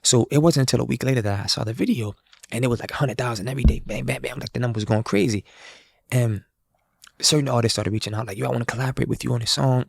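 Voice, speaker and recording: A young man from New Orleans, a guest musician, telling a story in a casual, animated way. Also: medium pitch, quick pace, gravelly, no room sound, clean studio sound. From New Orleans, USA. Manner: animated, acts out quoted voices.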